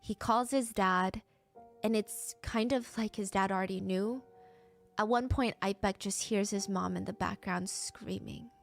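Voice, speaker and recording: A woman's voice: mid-range voice, fairly even intonation, a little slow, gravelly, soft background music. Woman vividly narrating a true crime story. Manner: vivid storytelling, acting out quotes.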